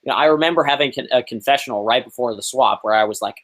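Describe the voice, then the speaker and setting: A man in his twenties tells a story as a chat show guest, animated and casual, full of fillers and acted-out quotes. He talks fast at an ordinary middle pitch, and the audio is poor.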